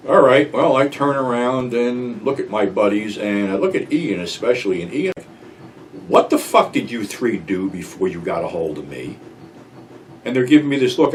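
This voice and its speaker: An older man telling a rambling, profane story about a night out. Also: medium pitch. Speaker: channel host recounting memories. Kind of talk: casual storytelling monologue. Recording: voice a bit distant from mic, faint room noise.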